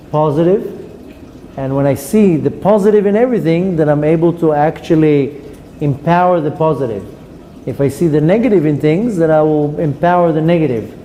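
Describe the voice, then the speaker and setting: A man's voice: a little high, dark tone. Male rabbi giving a class; emphatic, repetitive delivery, faint background noise. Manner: emphatic, repeats phrases with hesitations. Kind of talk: Torah class. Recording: long hall reverb, faint noise.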